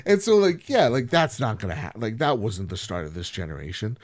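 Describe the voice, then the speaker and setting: A man hosting a gaming podcast alone, joking and rambling as he swings from loud outbursts to quiet asides. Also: fairly low pitch, big pitch swings, brisk, few pauses. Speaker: podcast host. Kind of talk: solo podcast chat.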